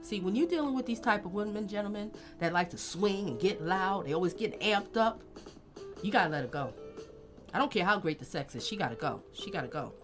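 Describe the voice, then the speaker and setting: A woman's voice: mid-range voice, a little fast, music in the background. A woman hosting a casual live-stream commentary, talking bluntly and directly to her viewers. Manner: blunt, animated, talks straight to viewers.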